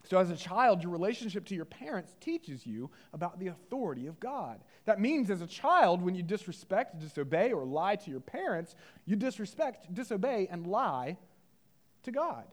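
A male pastor preaching a sermon, animated and full of rhetorical questions, swinging from loud to hushed. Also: high voice, normal speed.

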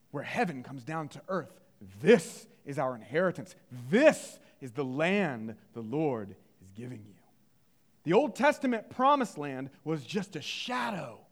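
A male pastor preaching a sermon, animated and full of rhetorical questions, swinging from loud to hushed. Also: sits high.

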